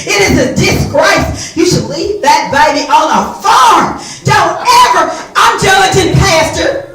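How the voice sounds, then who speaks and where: A woman playing a loud, boastful older church mother who scolds everyone and calls them baby, in a one-woman stage comedy. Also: very high-pitched. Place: theater stage, live. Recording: echoey stage from far off.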